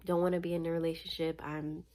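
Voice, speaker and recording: A young woman from Florida with a fairly low voice tells a personal story in casual storytime style. She talks animated and slangy, a little tired. Her delivery is chatty and conversational. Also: quick pace. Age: young adult. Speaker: vlogger.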